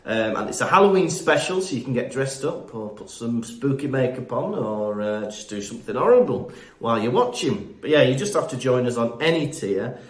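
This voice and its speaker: A man's voice: medium pitch, brisk. Chatty man with an echoey sound. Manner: relaxed, chatty, with fillers. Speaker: podcast host. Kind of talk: casual podcast chat and announcements.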